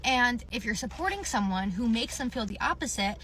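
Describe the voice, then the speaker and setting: A woman speaking earnestly and in a measured way in an opinion clip to camera. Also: fairly high pitch, expressive, fairly bright tone, a little hiss or hum.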